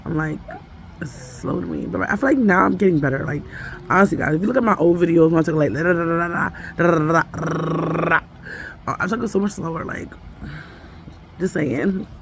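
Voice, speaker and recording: A woman vlogger chats from home in a rambling, easygoing way, her voice gravelly with vocal fry. A faint background noise sits under her talk. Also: sits low. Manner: rambling, chatty, talks to her toddler between asides. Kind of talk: casual vlog chat.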